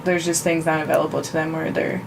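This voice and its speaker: A woman in her late twenties on a podcast, chatting in a relaxed way with plenty of "um" and "like". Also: low voice, fast talker, vocal fry, noisy background. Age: 20s. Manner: relaxed, self-teasing, fillers like "um" and "like". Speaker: podcast co-host. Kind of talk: casual chat.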